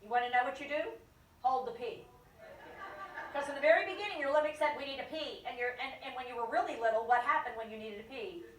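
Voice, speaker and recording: A woman leading a lively dementia care training for a live audience, acting out inner voices and joking with the crowd. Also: sits high, very fast, hardly any pauses, far from the mic, slight background noise. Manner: animated, acts out inner voices and jokes with the audience. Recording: echoey room, voice from off the mic.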